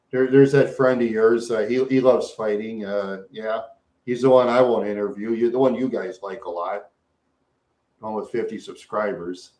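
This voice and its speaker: Rambling live-stream host, a man who repeats lines over and over, medium pitch, roomy echo. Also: a little mellow. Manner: repetitive, rambling, talks to chat viewers. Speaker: livestream host.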